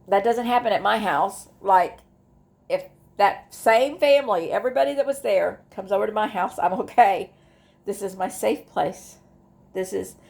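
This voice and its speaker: Middle-aged woman, gravelly voice, unhurried rambling talk to camera. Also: medium pitch, darkish tone. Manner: rambling, with many restarts and asides. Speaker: vlogger. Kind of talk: casual talk to camera about grief.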